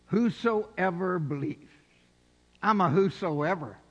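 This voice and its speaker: High-voiced preacher in a echoing hall. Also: male voice, sharp tone. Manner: preaching with emphatic, rising exhortations. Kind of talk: sermon. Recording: dull sound in a reverberant hall.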